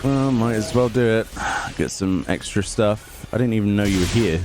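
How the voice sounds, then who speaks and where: With game music running beneath him, this man offers casual let's play commentary in a fairly low voice at a moderate pace. The gaming YouTuber grumbles sarcastically while he plays.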